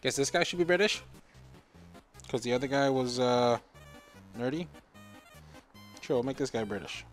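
A man's voice: medium pitch, moderate pace, long pauses, faint music behind. A man chatting casually while playing a game and voicing its characters, mocking himself. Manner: self-mocking, chatty, thinking aloud. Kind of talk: casual let's-play chat.

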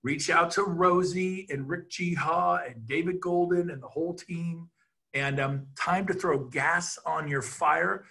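Middle-aged man, punchy and bright, a little husky, rambling excitable pitch on a video call. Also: measured pace. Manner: excitable, rambling, laughs at himself. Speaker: real estate team leader.

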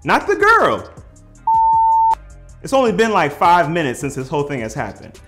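A man telling a funny personal story in casual slang, animated and prone to shouting out the lines he quotes. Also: on the high side, moderate pace, music in the background. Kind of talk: comedic storytelling.

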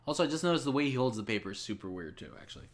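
A man's voice: medium pitch, sing-song, racing. A man casually commenting while playing a courtroom video game, making rambling jokes and asides over game music. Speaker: let's-play streamer.

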